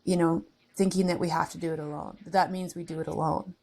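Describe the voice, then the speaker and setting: A woman with a low, gravelly voice talking in a relaxed, reflective way. She tells personal stories earnestly, in a casual podcast chat. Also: fast. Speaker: podcast co-host.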